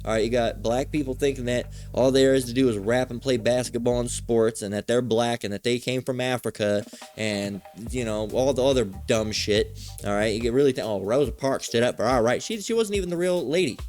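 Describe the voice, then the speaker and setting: A man's voice: mid-range voice, brisk, darkish tone, faint music behind. A man giving a fiery religious lesson, swearing often and checking in with "all right?" after nearly every point. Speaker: religious teacher. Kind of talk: street preaching lesson.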